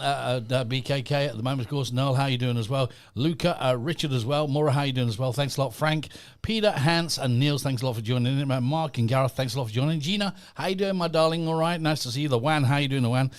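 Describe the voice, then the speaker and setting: Guy hosting a live podcast, reading out messages and shouting out viewers, dry close mic. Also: fairly high pitch, fast, hardly any pauses, clear, resonant tone, dry recording. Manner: chatty, reads out messages and greets viewers. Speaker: podcast host. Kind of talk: casual live-stream chat. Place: podcast studio.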